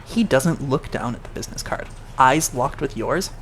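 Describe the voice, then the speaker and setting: Man, game master, relaxed narration, mid pitch, faint background hiss. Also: normal speed. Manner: relaxed, lots of fillers.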